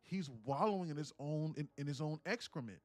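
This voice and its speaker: A man live-streaming his day trading, telling a story in an animated, profane, rambling way with frequent restarts. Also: a little high, brisk, no room sound, faint music behind.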